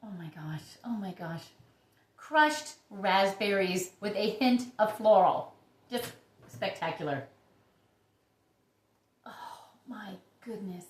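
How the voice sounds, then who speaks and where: A woman's voice: mid-range voice, expressive, slow pace. Gushing woman in an echoey room. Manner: gushing, chatty, breathy exclamations. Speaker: orchid YouTuber. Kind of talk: casual show-and-tell vlog.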